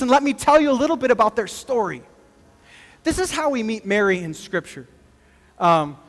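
High-voiced male pastor in a reverberant hall. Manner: conversational, swings between loud emphasis and quiet. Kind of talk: sermon. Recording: long hall reverb with faint music.

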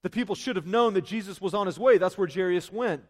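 Male pastor, slightly high voice, conversational sermon, asides, long hall reverb. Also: fast.

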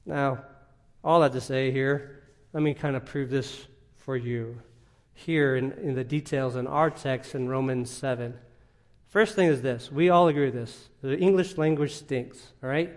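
A man's voice: mid-range voice, unhurried. A man preaching a sermon, teaching in an emphatic, conversational way with rhetorical questions.

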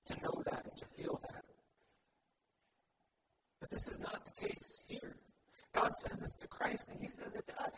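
Earnest pastor preaching over loud noise. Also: male voice, distant mic. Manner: earnest, repetitive emphatic phrasing. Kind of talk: sermon.

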